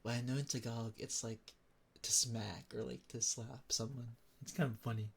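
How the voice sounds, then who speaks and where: A man's voice: mid-range voice, level tone, normal speed, gravelly, slightly rough. A young man from the Philippines, chatting casually with his stream chat, thinking aloud with lots of fillers.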